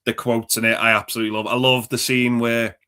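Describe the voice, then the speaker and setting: Bright-voiced man gushing about films. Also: mid-range voice, flat delivery, fast talker, smooth. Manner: enthusiastic, swears freely, rambling. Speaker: movie podcast co-host. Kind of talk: casual film chat.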